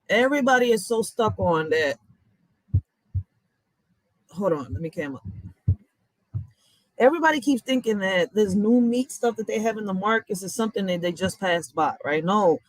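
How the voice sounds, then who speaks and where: A woman's voice: mid-range voice, no echo, poor audio. A woman giving casual reaction commentary, telling stories in a blunt, profane and emphatic way. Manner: animated, emphatic. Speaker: reaction vlogger.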